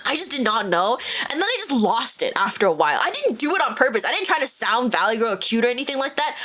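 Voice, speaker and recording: A woman's voice: high-pitched, sharp tone. A woman streamer chatting casually with her viewers while playing a game, giggly and rambling. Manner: giggly, rambling, quick restarts. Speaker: streamer and VTuber. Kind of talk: casual live-stream chat.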